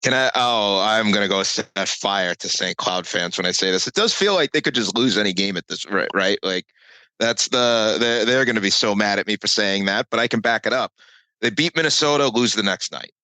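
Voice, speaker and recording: A man with a lowish voice co-hosts a casual sports betting podcast over a remote call mic, speaking at a moderate pace. He is animated and jokey, often cutting himself off, and the recording is rough and dry with no room sound. He works as a betting analyst.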